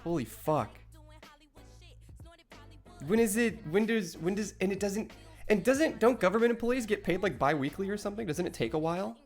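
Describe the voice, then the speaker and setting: Man, young adult, casual stream chat, rambling, profane, fairly high pitch. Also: lively intonation, normal speed, long pauses, soft background music. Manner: rambling, profane, trailing restarts.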